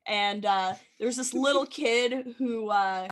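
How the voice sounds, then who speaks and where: A woman co-hosting a casual podcast, eagerly quizzing her guest and laughing easily. Her voice sits a bit high for a woman. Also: unhurried. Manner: eager questions, laughs often. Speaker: host. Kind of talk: casual chat. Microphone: video call.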